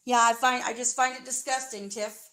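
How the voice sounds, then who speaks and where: A high-voiced woman launches a furious, confrontational rant at someone, accusatory, sarcastic and freely swearing. Her intonation stays fairly even, her pace moderate, and her tone fairly bright.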